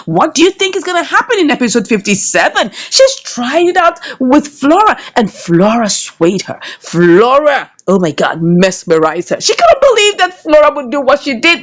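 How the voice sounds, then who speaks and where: A woman giving a lively recap of a drama episode, asking her viewers questions as she tells it. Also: a little high. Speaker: drama series reviewer.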